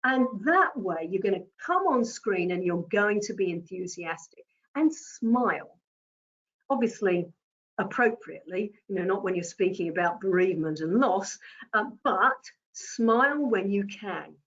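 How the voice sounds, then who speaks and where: A woman giving a presentation-skills lesson, speaking deliberately and repeating her key points. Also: mid-range voice, lively intonation, a bit bright, dull audio. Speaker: communication trainer. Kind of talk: presentation skills coaching talk.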